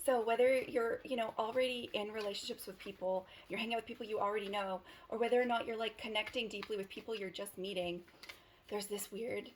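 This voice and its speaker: A woman's voice: medium pitch, slight background noise. A woman giving a casual tarot reading to the camera, who rambles, giggles and cuts herself off mid-thought. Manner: rambling, giggly, self-interrupting. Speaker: tarot reader.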